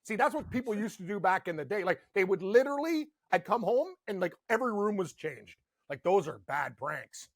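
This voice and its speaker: A man's voice: high voice, a little fast, hardly any pauses, no echo, clean studio sound. A man co-hosting a casual sports betting podcast from Canada, telling rambling stories packed with "like". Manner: rambling, animated storytelling with lots of "like". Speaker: podcast co-host.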